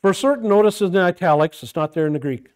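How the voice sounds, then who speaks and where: A man's voice: sits high, quick pace, darkish tone. A man leading a Bible study class, questioning his students and repeating phrases as he works through a passage.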